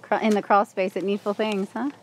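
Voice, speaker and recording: A woman's voice: medium pitch, flat delivery, brisk, rough recording. A woman casually narrating to the camera while exploring an old site outdoors in the cold. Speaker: paranormal investigator filming a site visit.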